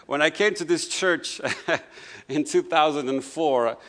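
A middle-aged pastor with a non-native English accent, preaching a conversational sermon full of "you know" asides. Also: male voice, on the high side, slow, fairly bright tone.

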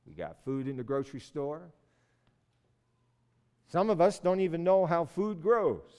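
An older man from Newfoundland preaches with an earnest, storytelling warmth. His voice sits a touch higher than most men's, and he lifts it with growing force when he voices the figures of the story. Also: expressive, unhurried, clean tone, big-room sound. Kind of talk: sermon.

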